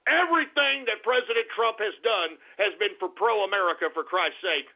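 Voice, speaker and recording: A man hosting a talk radio show, ranting crudely and insulting his critics, sometimes shouting. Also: high voice, moderate pace. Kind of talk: angry talk radio rant. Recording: tinny phone-like lo-fi radio.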